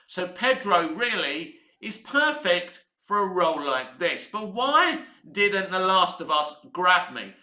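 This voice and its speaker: A man's voice: sits high, sing-song, slow pace, hardly any pauses, sharp tone, reverberant. A man giving a blunt, candid TV review to camera, swearing freely. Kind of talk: casual opinionated review to camera. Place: room where he is based, in Cyprus.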